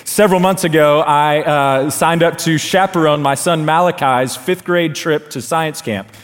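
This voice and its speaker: Energetic male preacher, 30s, storytelling sermon, live church hall reverb. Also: a little high. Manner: excited, storytelling, quick asides. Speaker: children's ministry leader. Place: large church stage.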